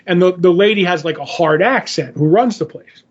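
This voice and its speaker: A man's voice: high voice, brisk, dull audio. A man co-hosting a podcast, telling a long rambling anecdote in casual chat and acting out his own quotes. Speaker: podcast co-host.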